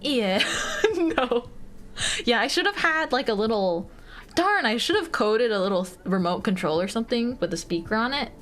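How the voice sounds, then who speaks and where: A woman's voice: on the high side, animated, a little fast, a bit bright. A young American woman streaming casual chat, bubbly and giggly, with lots of fillers. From United States.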